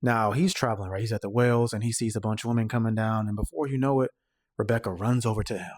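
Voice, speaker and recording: A man's voice: lowish voice, steady tone, fast talker, darkish tone, dry recording, clean studio sound. Slangy, casual man recapping scripture. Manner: retells scripture in slangy paraphrase; conversational, checks in with "right?". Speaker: host. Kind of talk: casual Bible reading recap.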